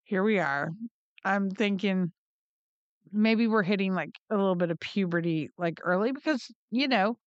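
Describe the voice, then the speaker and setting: A woman's voice: medium pitch, normal speed, no echo, lo-fi sound. A middle-aged woman co-hosting a podcast in casual chat, blunt and swearing freely as she tells family stories. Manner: blunt, swears freely, acts out her son's voice in storytelling. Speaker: podcast co-host.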